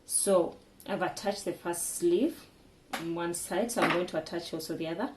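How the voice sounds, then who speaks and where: A woman's voice: on the low side, moderate pace, very noisy. A woman teaching a sewing project step by step in a casual way, often restarting and correcting her words as she works. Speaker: sewing tutor.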